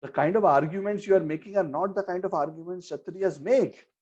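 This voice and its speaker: A man giving a sermon on scripture, slowly chanting verses and asking rhetorical questions. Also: sits high, a little mellow, slightly rough. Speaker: spiritual teacher. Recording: dull lo-fi recording.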